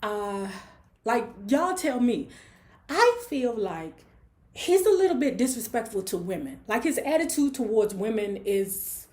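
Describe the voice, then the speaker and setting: A woman's voice: a little high, very animated, a little slow, a little mellow. A woman hosting a casual book club read-along, talking frankly and checking in with her listeners. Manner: chatty, frank, frequent "okay?". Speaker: book club host reading a novel. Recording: roomy echo.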